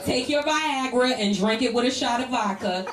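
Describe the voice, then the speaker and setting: Under a tent at a comedy show, a Northern Virginia woman does stand-up crowd work, teasing audience members in a brash, laughing way with a slightly high voice at normal speed. A distant mic gives roomy live sound with crowd noise.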